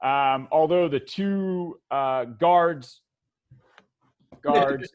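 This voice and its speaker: Male game master, unhurried and halting, somewhat high pitch. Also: lo-fi sound. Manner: halting, many fillers and restarts. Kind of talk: narrating a tabletop game.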